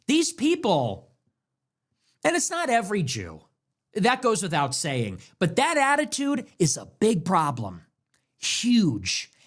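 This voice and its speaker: A man's voice: high-pitched, a bit bright. A man hosting a show, delivering a heated political monologue in an impassioned, declamatory way, hammering home repeated rhetorical questions. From United States. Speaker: show host.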